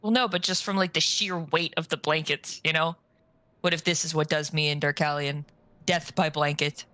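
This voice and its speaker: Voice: mid-range voice, steady tone, normal speed, bright, forceful tone, no echo. A player in a tabletop game, joking and laughing through casual banter. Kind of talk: tabletop role-play, casual.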